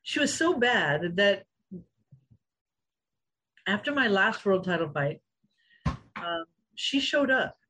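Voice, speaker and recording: Speaking slowly and pausing often, a middle-aged woman with a mid-range voice shares stories from her past as a fighter in an interview. The recording is low quality, and she's a lively storyteller who acts out what people said and laughs often.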